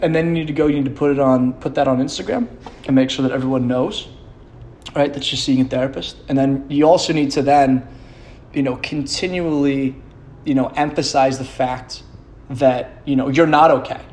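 A man's voice: medium pitch, fairly even intonation, normal speed, darkish tone. A young man hosting a solo podcast, rambling in a profane, self-mocking way and laughing often. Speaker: podcast host.

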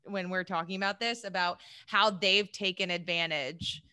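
A young adult woman co-hosting a podcast in casual chat, enthusiastic and quick to laugh. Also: lowish voice, fairly even intonation, sharp tone, clear, resonant tone. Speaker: podcast co-host.

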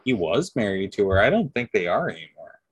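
A man's voice: on the low side, very animated, fairly quick, breathy edge, no echo. A man co-hosting a casual podcast chat, tossing in wry, sarcastic asides. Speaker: podcast co-host.

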